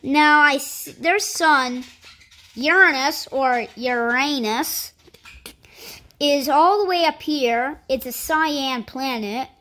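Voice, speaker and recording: A woman giving casual commentary over a space game, thinking aloud with lots of fillers and sudden excited outbursts. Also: high voice, slow pace, hardly any pauses. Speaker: gameplay commentator.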